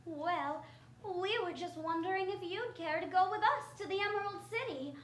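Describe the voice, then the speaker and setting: A woman's voice: very high-pitched, moderate pace, a little hiss or hum. A woman playing an earnest, wide-eyed young girl heroine in a live radio play. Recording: echoey theater stage.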